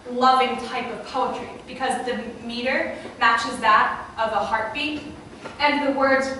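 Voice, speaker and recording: A young woman presenting a workshop to a live audience, chatty and lively, with fillers and asides to the listeners. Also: on the high side, a little hiss or hum. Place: classroom or small auditorium with an audience. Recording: echoey room, far from the mic.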